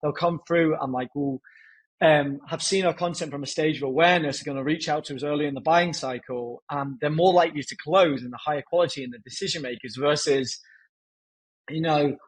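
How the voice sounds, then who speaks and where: Husky, animated man talking business. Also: fairly high pitch, a little fast, rough recording. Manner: energetic, filler-heavy with frequent "like". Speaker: podcast guest, company founder. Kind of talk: casual interview talk.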